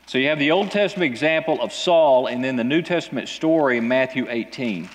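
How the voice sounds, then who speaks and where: Animated male preacher in a reverberant hall. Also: a little fast. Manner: animated, dramatic storytelling with big pitch swings. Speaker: pastor. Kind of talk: sermon. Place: church hall with an audience.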